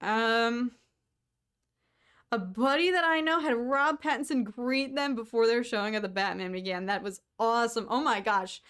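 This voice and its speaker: A young woman from the United States, co-hosting a podcast, chatting casually to viewers with quick asides and frequent laughter. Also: a little high, a bit bright, clear, resonant tone. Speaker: podcast co-host. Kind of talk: casual solo chat to viewers.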